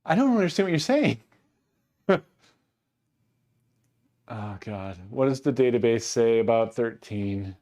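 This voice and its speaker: Male streamer, casual chat, lively pitch swings, exasperated mock-rants. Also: unhurried, pauses often.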